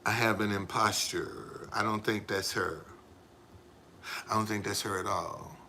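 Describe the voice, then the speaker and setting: A man's voice: lowish voice, steady tone, measured pace, pushed and bright, a little hiss or hum. A man live streaming in a casual, rambling way, repeating himself and talking straight to his viewers. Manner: repetitive, emphatic, addresses viewers directly.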